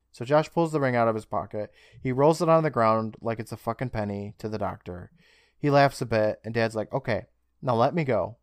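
A man co-hosting a casual podcast, retelling a show's scenes with quick character lines and frequent laughs. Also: mid-range voice, no room sound, studio quality. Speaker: podcast co-host. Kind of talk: casual recap chat.

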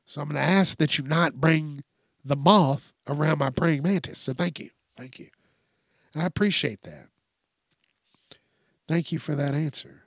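A man's voice: on the high side, moderate pace, creaky, long pauses, husky, dry recording, studio quality. A man hosting a casual solo podcast, talking loosely, swearing and drifting between topics with frequent restarts. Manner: frequent restarts and repeated words. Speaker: podcast host.

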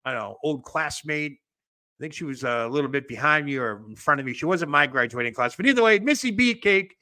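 A man with a Boston accent hosting a show, energetic and rambling as he chats and plugs events. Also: fairly high pitch, brisk, no room sound. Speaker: podcast host. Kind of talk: casual show chat and plugs.

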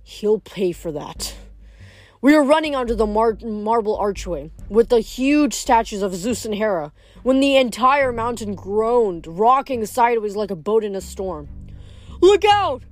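A woman reading a novel aloud in steady narration, now and then stumbling over a word. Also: on the high side, normal speed, no echo. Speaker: reader.

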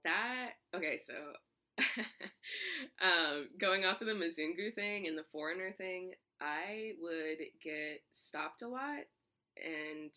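A woman's voice: on the low side, slow, pushed and bright. A woman talking casually as a guest, chatty and laughing between thoughts. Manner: chatty, lots of fillers and laughs. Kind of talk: casual chat.

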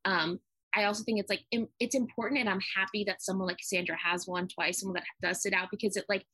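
A woman's voice: medium pitch, fairly even intonation, fast, pushed and bright, dry recording. A young woman co-hosting a podcast in casual chat, gushing and acting out her own reactions, swearing freely. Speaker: podcast co-host.

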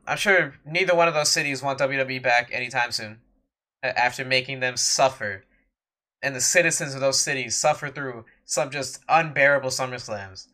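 A man's voice: medium pitch, pushed and bright. A man co-hosting a wrestling podcast, ranting in an exasperated, sarcastic way. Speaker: podcast co-host. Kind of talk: casual wrestling podcast rant.

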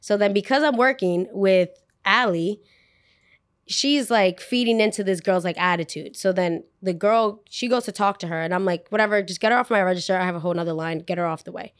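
A young woman casually telling a retail work story, animated and full of fillers, acting out what people said. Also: medium pitch, fairly quick, dry recording, clean studio sound. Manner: animated, lots of "like", acts out quotes.

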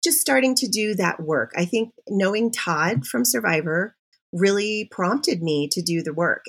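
A middle-aged woman, a podcast guest, telling her personal story in an animated, confessional way. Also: lowish voice, breathy edge. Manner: animated and confessional, with self-interruptions.

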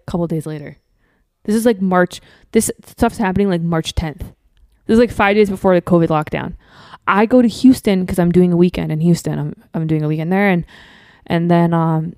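A young woman telling wild stories as a podcast guest, animated and profane, acting out the other people in her stories. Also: fairly low pitch, gravelly, dry recording. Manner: profane, animated, rapid storytelling with quoted asides. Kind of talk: casual storytelling.

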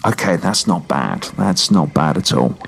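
A man reviewing films in a casual podcast chat, rambling and jokey, his voice going hoarse. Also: sits low, animated, measured pace, slight background noise. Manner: rambling and jokey, talking like a pirate cockney. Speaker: film reviewer.

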